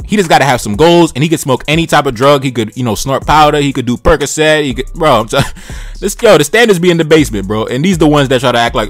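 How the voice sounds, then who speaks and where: A man's voice: a little high, animated, fast, no room sound, faint music behind. A man in his twenties giving blunt, slangy reaction commentary, repeating phrases for emphasis. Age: 20s. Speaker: YouTube commentator.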